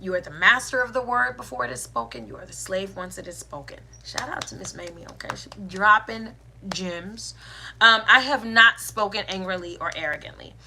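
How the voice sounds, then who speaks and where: A woman with a bright, somewhat tense voice talks through a spiritual lesson in a relaxed, conversational way. She circles back to her main phrases and checks in with the listener as she goes. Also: fairly high pitch. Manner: conversational, repeats key phrases, frequent "right?" and "okay?". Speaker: spiritual talk host. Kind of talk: casual spiritual teaching monologue.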